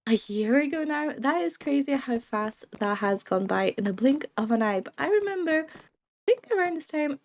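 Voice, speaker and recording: Young woman w a cold doing chatty gaming commentary, giggles a lot, talks to the mobs, kinda high voice. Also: animated, normal speed, a little hiss or hum. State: voice affected by a cold. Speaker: gaming video creator. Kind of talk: casual let's-play commentary.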